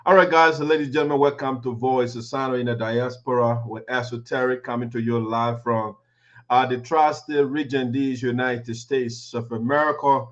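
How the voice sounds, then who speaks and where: Male host, chatty and rambling, lots of fillers, mid pitch, dull lo-fi sound. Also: steady tone, normal speed. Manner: chatty, informal, many fillers and uhs. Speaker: talk show host. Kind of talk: live online talk show. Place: home studio, USA. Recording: muffled lo-fi stream audio.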